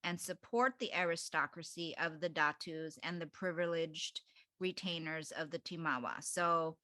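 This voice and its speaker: A woman's voice: low voice, moderate pace, pushed and bright, no echo, clean studio sound. A woman co-hosting a book club podcast, chatting casually and reading passages aloud with hesitant fillers. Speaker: podcast co-host.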